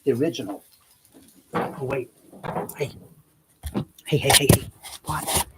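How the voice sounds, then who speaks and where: A man's voice: mid-range voice, slow pace, background noise. A man hosting a live stream, chatting in a rambling, profane way and answering viewer comments as he goes. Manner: animated, profane, reads viewer comments aloud.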